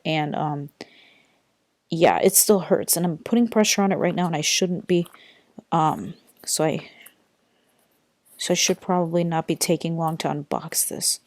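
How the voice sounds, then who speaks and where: A woman's voice: on the low side, steady tone, moderate pace, darkish tone, no room sound, clean studio sound. A young woman vlogging casually from her bedroom, chatty and rambling with lots of fillers, tired, recorded on a built-in computer mic. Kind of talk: casual unboxing vlog.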